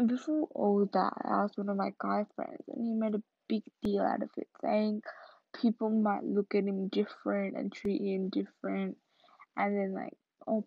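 A tired young woman talks through her podcast story in a loose, rambling way, stuffing it with fillers and sometimes dropping into a whisper. Her voice is mellow and gravelly. The recording sounds dull and muffled. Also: mid-range voice, no echo. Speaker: podcast host. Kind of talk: casual storytelling monologue.

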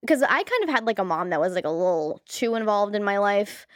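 A woman's voice: mid-range voice, a little fast, no room sound, clean studio sound. A woman co-hosting a podcast, chatting casually and animatedly about movies, with plenty of "like" in her talk. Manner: animated, chatty, heavy use of "like". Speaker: podcast co-host.

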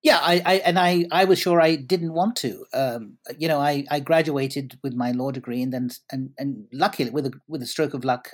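A man's voice: medium pitch, steady tone, normal speed, hardly any pauses, faint music behind. This is a middle-aged man whose accent mixes Indian and British English. He talks casually in an interview with a dry, wry edge. He hesitates and repeats himself often as he works through his answers. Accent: Indian and British English blend. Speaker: guest, journalist and columnist.

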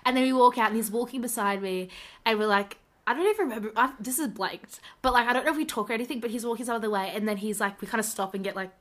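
A teenage girl telling a story in casual chat, animated and gushing with lots of "like", her voice slightly raspy from a cough. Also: on the high side, very fast. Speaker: podcast co-host.

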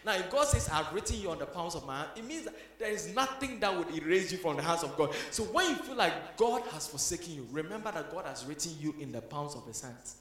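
Man preaching, high bright voice, goes quiet then shouts, echoey room. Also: animated, quick pace, few pauses. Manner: swings from hushed to shouting for emphasis. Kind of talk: sermon.

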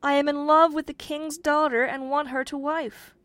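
A woman's voice: mid-range voice, moderate pace, dry recording, close to an everyday voice. A woman voicing a greedy, impatient young male farmer in a storybook reading, with an eager, demanding manner in a dry room.

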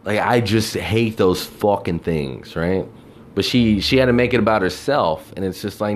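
A man's voice: lowish voice, normal speed, slight background noise. A man telling a profane, exasperated story about his job in a casual rant, acting out the people he quotes. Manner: animated, mimics people in quotes.

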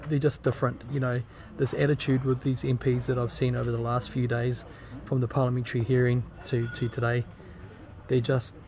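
A man with a New Zealand accent giving a casual, earnest video update from an airport terminal, speaking in a halting, indignant way. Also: medium pitch, monotone, a little mellow. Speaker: campaign leader posting a video update. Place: airport terminal, waiting on a delayed flight. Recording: crowd chatter behind.

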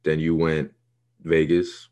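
A man's voice: extremely low pitch, monotone, takes it slowly, dark tone. A young man, co-hosting a podcast, hyped and swearing often as he talks up his picks. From New York. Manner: profane, hyped, swaggering. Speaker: podcast co-host. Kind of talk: casual podcast banter.

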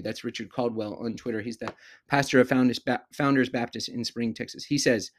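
A man with an ordinary mid-pitched voice walks listeners through a Bible passage on his podcast. He teaches in a measured, deliberate way and slows right down on the words he wants to stress. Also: fairly even intonation. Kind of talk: expository Bible teaching monologue.

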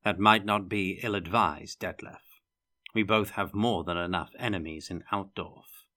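A man's voice: deep voice, fairly even intonation, unhurried, sharp tone. A man reading as a genial ghost-loving prince. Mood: relishing. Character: male prince, genial, relishes ghost stories.

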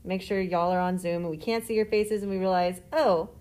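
A woman's voice: on the low side, fairly even intonation, a little fast, darkish tone. A woman teacher chatting on a class podcast with her co-host, teasing her students affectionately. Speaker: middle school teacher. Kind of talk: casual podcast chat with students.

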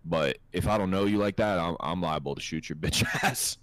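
A deep-voiced man chats casually on a podcast. He swears freely and tells his stories in a loose, offhand way. The sound is dry and close. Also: fairly quick, a bit bright, no echo. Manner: profane, laid-back storyteller. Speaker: podcast co-host. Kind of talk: casual storytelling chat.

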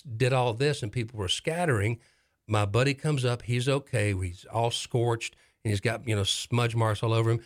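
With a lowish voice, a middle-aged man hosting a talk show spins a dramatic tale in a loose, lively way, circling back to certain phrases to heighten the effect.

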